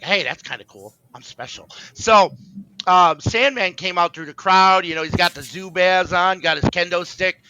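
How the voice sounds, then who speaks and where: A man's voice: a little high, vocal fry, sharp tone, muffled recording, slight background noise. A man co-hosting a podcast, telling a rambling story in casual chat, full of fillers and restarts and acting out the voices he quotes. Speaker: podcast co-host.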